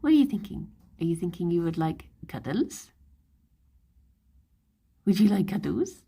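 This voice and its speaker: A woman talking baby talk to her dog, cooing questions in a high voice. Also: lively intonation, measured pace, gravelly, dark tone, breathy edge, full character voice.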